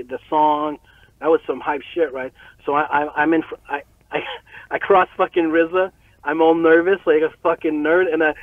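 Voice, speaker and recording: Excitable, swearing man on a phone line. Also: fairly high pitch, dry recording. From Montreal, Canada. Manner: excitable, profane, laughs often. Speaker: guest, rapper and chef. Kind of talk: casual storytelling. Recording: tinny dry phone-like line.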